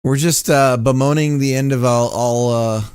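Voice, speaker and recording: A man's voice: medium pitch, steady tone, moderate pace, darkish tone, clean tone. A man chatting casually on a live coding stream, rambling, laughing often and swearing freely. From United States. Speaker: game dev streamer.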